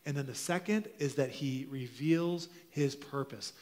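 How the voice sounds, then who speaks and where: A man preaching a sermon as pastor to his congregation, earnest, drawing out key phrases slowly for emphasis. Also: medium pitch, darkish tone. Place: church sanctuary. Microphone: handheld microphone. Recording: long hall reverb of a church.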